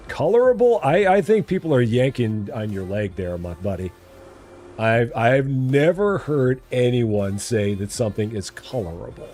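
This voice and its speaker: A man's voice: mid-range voice, darkish tone. A man from Illinois hosting a live game stream, chatting playfully and answering viewers. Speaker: live-stream gamer host. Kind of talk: casual live-stream chat.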